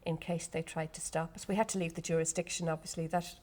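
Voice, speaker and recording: Woman, warm mellow low-ish voice, calm and deliberate. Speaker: interviewee. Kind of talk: documentary interview.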